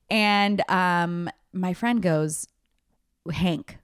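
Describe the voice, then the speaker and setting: Young woman, solo podcast host, lowish voice, dry close mic, rambling chatty delivery. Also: slow pace, smooth, no room sound. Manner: chatty storytelling, many fillers like "like" and "um". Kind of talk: casual solo podcast chat.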